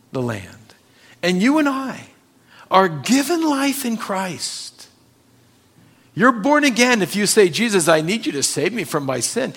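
A man preaching a sermon, quoting scripture with emphatic stresses that drop to quiet endings. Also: on the high side. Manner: emphatic, swings between loud stresses and quiet drops; quotes scripture and stresses single words. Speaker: pastor.

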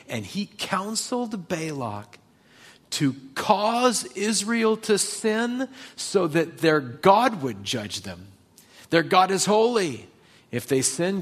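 A male pastor preaches in a conversational storytelling manner, slipping into the people in his stories. His voice sits at an ordinary middle pitch. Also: breathy edge. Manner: conversational, storytelling, acts out quotes. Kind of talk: sermon.

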